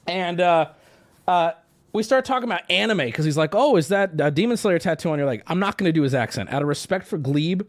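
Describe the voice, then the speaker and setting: Animated high-voiced male streamer. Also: a little fast. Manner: animated, rambling, swears freely, talks to chat. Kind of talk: casual live-stream storytelling.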